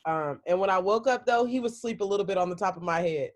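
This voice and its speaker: A woman's voice: mid-range voice, quick pace. Laid-back woman podcast co-host. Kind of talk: casual chat.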